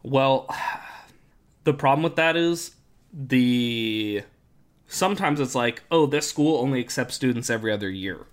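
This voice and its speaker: A man hosting a casual podcast chat, explaining things in a relaxed way with many fillers while his voice is going hoarse. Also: mid-range voice, unhurried. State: losing his voice. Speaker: podcast host.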